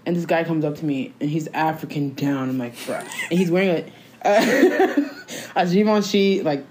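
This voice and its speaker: A woman's voice: low-pitched, normal speed, noisy background. A woman co-hosting a podcast, telling stories in casual slangy chat and acting out quoted lines. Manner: animated storytelling, slangy, acts out quotes. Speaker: podcast co-host.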